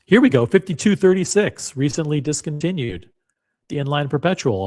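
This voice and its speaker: A man's voice: a little high, very animated, moderate pace, a little mellow. A man hosting his channel, reading out listings in a wry, musing way while browsing on screen. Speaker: watch channel host. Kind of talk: casual screen-share commentary.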